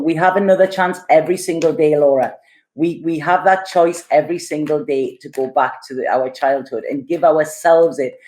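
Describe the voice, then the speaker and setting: A woman's voice: low-pitched, steady tone, normal speed, darkish tone. A woman giving an earnest, reassuring tarot love reading, often checking in with the listener. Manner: earnest, reassuring, many "okay?" and "you know" asides. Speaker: tarot reader.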